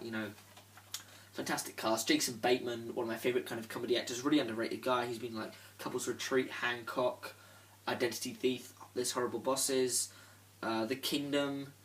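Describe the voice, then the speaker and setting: Brief: young guy, casual rambling vlog chat, sweary, mid pitch, set back from the mic. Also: a bit bright. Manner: rambling, swears often, lots of fillers. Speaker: disc collection vlogger. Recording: voice from a distance off the mic.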